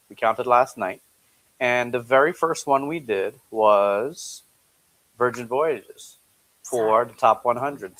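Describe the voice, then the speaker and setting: A man co-hosting a casual live stream from a couch at home, talking in a relaxed way and joking dryly. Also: medium pitch, rough recording. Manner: relaxed, easygoing, jokes dryly. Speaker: co-host.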